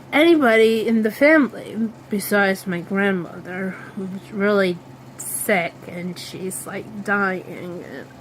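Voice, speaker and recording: Slow, hesitant young woman vlogging. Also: mid-range voice, a bit bright, a little hiss or hum, rough recording. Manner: hesitant, many ums and restarts, slow drawl. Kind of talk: casual rambling vlog.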